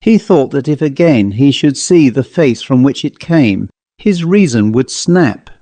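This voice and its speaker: A man narrating a ghost story as an audiobook, in a measured, steady way. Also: mid-range voice, no room sound.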